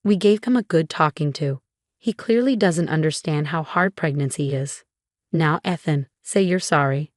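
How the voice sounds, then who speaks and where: A woman reading the lines of a caring older mother-in-law in a gentle, apologetic way. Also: sits low, normal speed, no room sound, studio quality, close to an everyday voice.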